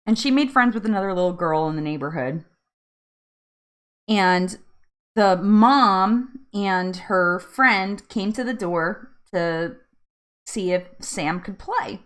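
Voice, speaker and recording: Lively, unhurried woman hosting a live chat. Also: medium pitch. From New Jersey. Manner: chatty, laughs often, goes off on tangents. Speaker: live stream host.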